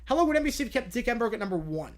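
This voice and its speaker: A man's voice: very high voice, very animated, racing. Chatty, rambling young male streamer. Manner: chatty, rambling, self-correcting. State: yawning, drowsy. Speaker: live-stream host answering chat. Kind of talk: casual live commentary and Q&A.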